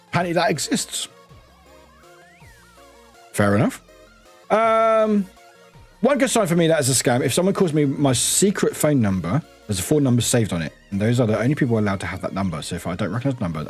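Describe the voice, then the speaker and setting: Lively husky male streamer. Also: medium pitch, a little fast, pauses often, faint music behind. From United Kingdom. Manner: lively, swears freely, answers chat aloud. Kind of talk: casual chat reading live chat.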